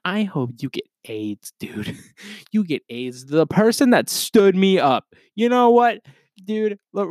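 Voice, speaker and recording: Young male podcast host, solo rant: excitable, profane, bursts loud, dry close sound. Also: mid-range voice, dry recording.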